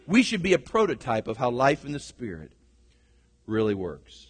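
A middle-aged male pastor preaching a sermon, swinging from shouted lines to hushed ones. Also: medium pitch, huge pitch swings, moderate pace, slightly rough. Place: church sanctuary. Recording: long reverb of a large hall.

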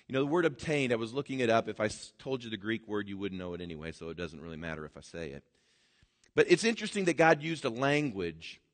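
A man preaching a sermon, animated, swinging between loud emphatic bursts and quiet, drawn-out words. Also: medium pitch. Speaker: pastor.

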